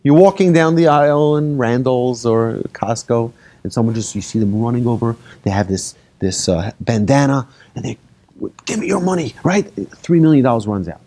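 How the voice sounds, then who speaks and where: A rabbi giving a lively talk to an audience, telling made-up stories and asking the listeners questions. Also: male voice, mid-range voice, moderate pace, hardly any pauses. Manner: animated, asks the audience questions, tells hypothetical stories. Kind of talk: lively lecture to a live audience.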